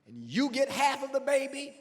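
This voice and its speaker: A man voicing a wise king who gives measured, authoritative pronouncements in a sermon. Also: very high-pitched, sing-song, voice pushed up. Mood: stern. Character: wise commanding king judging a dispute. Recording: long church reverb.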